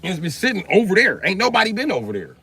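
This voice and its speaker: A man's voice: huge pitch swings, quick pace, slightly rough. Profane man ranting on a livestream. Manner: swings from low mutters to loud yelling; profane, joking. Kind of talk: casual livestream rant.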